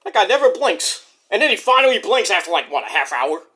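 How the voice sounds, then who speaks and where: Young man, higher voice, animated delivery, casual profane chat. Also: quick pace, slightly rough. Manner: loose and profane, does voices of wrestlers. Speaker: wrestling predictions vlogger.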